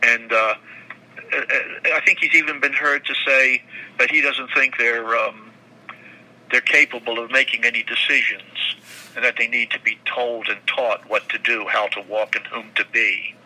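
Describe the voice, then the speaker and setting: A man's voice: mid-range voice, steady tone, moderate pace, bright, forceful tone, low-quality recording. An older man speaking as an interview guest, talking in long rambling answers that halt, repeat words and restart often.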